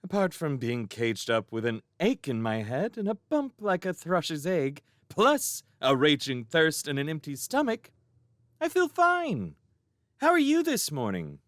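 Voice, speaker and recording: A man voicing a spirited young female mouse maid in a storybook, pitched high and indignant. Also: wildly swooping pitch, measured pace, fairly bright tone, dry recording, studio quality, exaggerated voice. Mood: wry.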